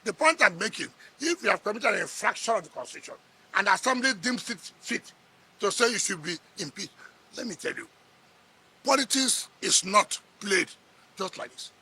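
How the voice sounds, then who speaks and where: Combative high-voiced Nigerian man. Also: very animated, normal speed, pushed and bright, slightly rough. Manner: combative, repeats words, scoffing. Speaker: politician. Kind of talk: heated press interview.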